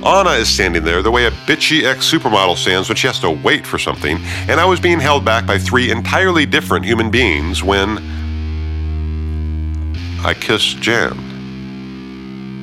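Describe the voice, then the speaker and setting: A man narrating a first-person story, sardonic and profane, swinging between hushed reflection and heated rants. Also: fairly low pitch, sing-song, brisk, few pauses. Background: loud guitar music.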